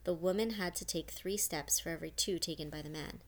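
A woman reads a novel aloud in a steady, even narration. Her voice sits a little lower than most women's. She trips over a word now and then and restarts without fuss. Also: fairly quick. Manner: steady reading with small restarts. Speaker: audiobook narrator.

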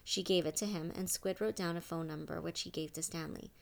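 A woman reading a story aloud in a steady storytelling manner. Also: fairly low pitch, a little fast, gravelly. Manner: steady storytelling, voices each character. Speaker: audiobook narrator. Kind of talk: scripted narration.

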